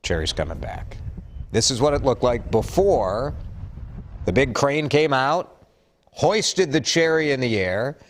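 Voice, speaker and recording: A man with a Minnesotan accent reads a morning news update in a loose, conversational way. He jokes between stories, and his pitch rises and falls a lot. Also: a little slow. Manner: chatty, jokey, animated delivery.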